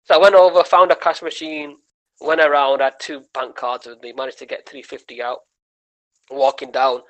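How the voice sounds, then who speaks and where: Animated man telling a story. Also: mid-range voice, moderate pace, rough recording. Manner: animated, acts out quoted voices. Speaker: guest comedian. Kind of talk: storytelling podcast chat.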